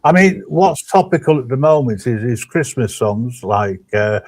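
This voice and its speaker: A man co-hosting a casual live stream chat, relaxed and teasing, with many ums. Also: medium pitch, normal speed, no echo. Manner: laid-back, teasing, hesitant with ums. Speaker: stream co-host.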